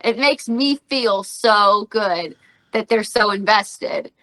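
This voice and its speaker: Woman, 30s, podcast guest; bright, animated storyteller who acts out quotes. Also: mid-range voice, slow pace, poor audio. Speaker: guest, professional wrestler and radio personality. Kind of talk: casual podcast interview.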